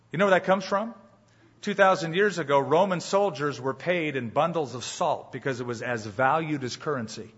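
Husky-voiced man preaching a sermon. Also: mid-range voice, a bit bright. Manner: emphatic, rhetorical questions to the congregation. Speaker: pastor. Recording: dull, muffled live sermon recording.

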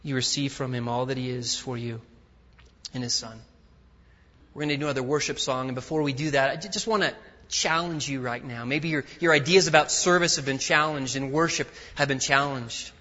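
A man preaching a sermon as a guest speaker, swinging from loud emphatic peaks to quiet, intimate asides. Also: medium pitch, a little fast. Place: large church sanctuary. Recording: dull audio with long hall reverb.

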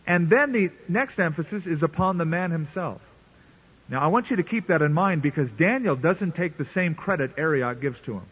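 Preacher on a tinny radio broadcast. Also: male voice, fairly high pitch, lively intonation, normal speed, husky. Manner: earnest, conversational preaching with playful voicing of biblical characters. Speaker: pastor. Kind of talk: sermon.

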